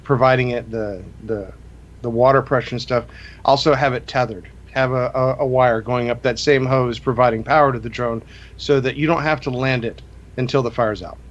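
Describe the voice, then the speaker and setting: Male host, casual stream chat, mid-pitched, unhurried with filler words. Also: dull audio. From USA. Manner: relaxed, hesitant with fillers. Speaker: host of a live drone show.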